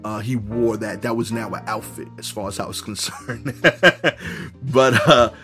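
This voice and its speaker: A man's voice: on the low side, steady tone, measured pace, fairly bright tone, faint music behind. A man, telling a funny personal story in a conversational way, full of wry asides. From New York. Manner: conversational, many "you know" fillers, wry asides.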